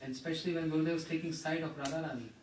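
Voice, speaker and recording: A man giving a devotional talk in a temple hall, telling stories of his teacher in an earnest way and often dropping to a hushed voice. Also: a little high, fairly even intonation, rapid-fire, slight background noise. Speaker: speaker at a memorial gathering. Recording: echoey room, voice from far off the mic.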